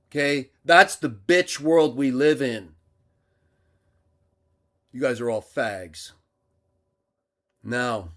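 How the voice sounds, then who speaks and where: A man hosting a livestream, delivering an aggressive rant that swings between loud outbursts and low muttering. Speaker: livestream host.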